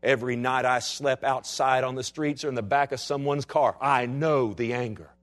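Dramatic preaching man, swinging loud to hushed. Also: mid-range voice, steady tone, normal speed. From Texas. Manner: acts out quoted voices. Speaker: pastor. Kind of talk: sermon.

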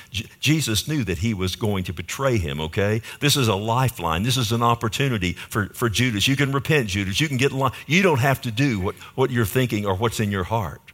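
A man's voice: lowish voice, a bit bright. A man preaching a sermon as pastor, in a conversational manner with frequent rhetorical questions to his listeners.

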